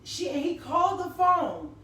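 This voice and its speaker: A woman's voice: extremely high pitch, very animated, normal speed, a bit bright. A woman hosting a casual live-stream talk show, telling stories animatedly and reading viewer comments aloud. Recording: echoey room, distant mic, faint noise.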